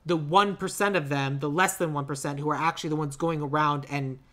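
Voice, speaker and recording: A man co-hosting a casual movie podcast, rambling with lots of fillers and quick to laugh. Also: on the high side, steady tone, pushed and bright. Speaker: podcast co-host.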